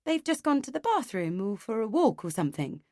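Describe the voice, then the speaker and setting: A woman reading an audiobook, voicing a firm, reassuring man who talks in a calm, logical way. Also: a little high, brisk, no echo, clean studio sound.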